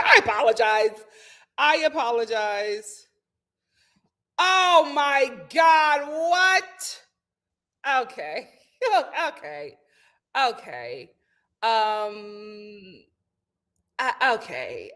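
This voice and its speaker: A woman's voice: on the high side, big pitch swings, slow pace, long pauses, fairly bright tone. A woman hosting a casual live stream, reading out viewer comments and making dramatic, laughing outbursts. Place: home.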